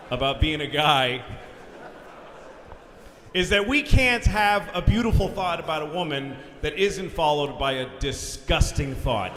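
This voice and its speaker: The voice of this Boston stand-up is on the high side with a fairly bright tone as he rants, exasperated, blunt and crude, from a large concert hall stage. The live theater recording picks up audience noise.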